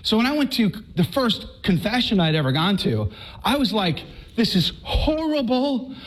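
A man from Texas giving a personal faith testimony to a live audience, telling his story in an animated, conversational way and often restarting his words. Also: high-pitched, moderate pace, low-quality recording.

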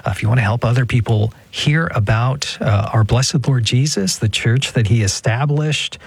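A man's voice: mid-range voice, moderate pace, breathy edge, no echo. A man from California hosting a pledge drive on a radio show in a studio. He is chatty and self-deprecating, with many fillers. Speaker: radio host.

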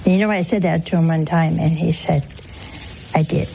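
A woman's voice: low voice, steady tone, vocal fry, dark tone, slight background noise, poor audio. A woman preaching a sermon, telling everyday stories and acting out the dialogue. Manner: slow, storytelling, with quoted dialogue and laughter. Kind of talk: sermon with anecdotes.

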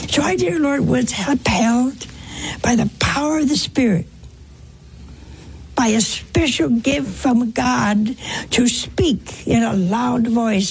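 A woman preaching a devotional sermon, telling it slowly and emphatically with rhetorical questions. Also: a little high, gravelly, slightly rough.

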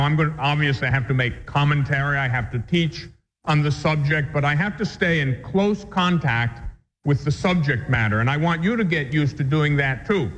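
A man, a Catholic priest, teaching a catechism class in an earnest, emphatic way and repeating his key points. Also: on the high side. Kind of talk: religious lecture. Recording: dull lo-fi sound in a reverberant hall.

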